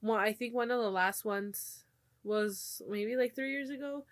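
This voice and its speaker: A woman's voice: fairly high pitch, a little slow, dry recording. A young woman hosting a podcast, telling stories in loose casual chat, swearing freely and slipping into Spanish. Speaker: podcast host.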